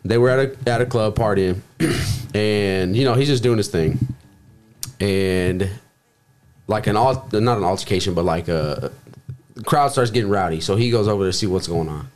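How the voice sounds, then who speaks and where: A man's voice: on the low side, moderate pace, darkish tone. Rambling young man swapping stories. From Grand Prairie, Texas. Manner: rambling storyteller, swears freely, acts out quotes. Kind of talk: casual chat.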